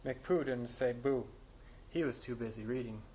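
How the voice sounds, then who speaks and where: A man's voice: medium pitch, moderate pace, a little hiss or hum. Young man reading a picture book aloud. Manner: lively read-aloud with character voices and small stumbles. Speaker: camp storyteller.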